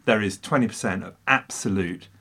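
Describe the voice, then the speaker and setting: A man's voice: fairly low pitch, a little fast, creaky, pushed and bright, slightly rough. A man co-hosting a casual film discussion, theatrical and emphatic, with a teasing way of arguing his point. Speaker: podcast co-host.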